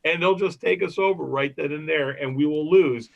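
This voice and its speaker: A man's voice: on the high side, normal speed, vocal fry. A man hosting a comedy podcast, telling rambling jokey stories. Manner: joking, rambling storyteller. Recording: dull lo-fi recording.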